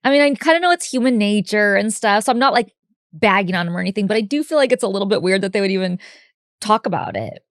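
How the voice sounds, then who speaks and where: A woman's voice: mid-range voice, expressive, quick pace, no echo, clean studio sound. A woman co-hosting a podcast, talking casually and rambling with plenty of filler words. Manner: chatty, lots of "like" and "and stuff". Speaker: podcast co-host. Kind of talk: casual chat recapping a reality show.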